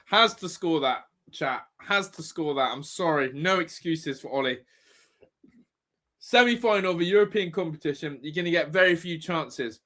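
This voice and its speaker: A man hosting a live football watch-along, reacting loudly, swearing and shouting advice at the players. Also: on the high side, normal speed. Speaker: fan watch-along host.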